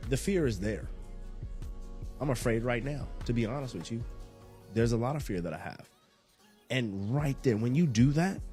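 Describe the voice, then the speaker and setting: A man with a fairly low voice talks through a loose motivational monologue on his podcast. He rambles in a laid-back way, circling back and restarting his phrases as he thinks. Faint music plays underneath. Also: a little mellow. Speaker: podcast host.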